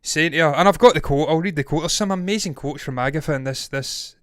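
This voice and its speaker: A man co-hosting a casual film review podcast, chatty and quick to laugh. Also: a little high, dry recording, clean studio sound. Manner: chatty, laughs easily, reads quotes aloud. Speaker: podcast co-host.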